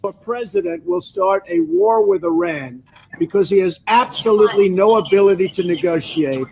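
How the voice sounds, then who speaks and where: Gravelly, blunt male politician. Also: sits high, sing-song, moderate pace, darkish tone. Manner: blunt, assertive. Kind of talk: political speech.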